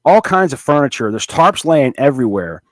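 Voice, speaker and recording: Animated, cursing podcast co-host man. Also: medium pitch, normal speed, no room sound. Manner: animated, swears freely, rambling restarts. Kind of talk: casual profane banter.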